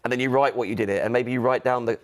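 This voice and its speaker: A man co-hosting a live shopping show, pitching products to viewers with a salesy manner. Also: steady tone. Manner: brisk, salesy, addresses viewers directly.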